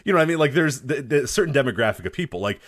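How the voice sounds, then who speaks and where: A man's voice: mid-range voice, racing. A man co-hosting a wrestling podcast, telling a long story in casual chat, swearing, laughing and acting out quotes. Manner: animated, swearing, laughs often, acts out quotes. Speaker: podcast co-host.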